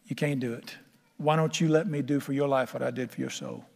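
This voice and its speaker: A preacher voicing a gentle fatherly God. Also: medium pitch, fairly even intonation, brisk, creaky, long reverb tail, voice pushed down, lightly acted. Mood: tender. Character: God speaking gently to a struggling son, male.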